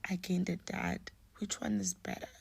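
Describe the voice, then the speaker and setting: A young woman telling a personal story in a hushed, often half-whispered voice, slipping Nguni words into her English. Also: on the low side, sing-song, normal speed, creaky, slightly rough. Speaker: storyteller vlogger.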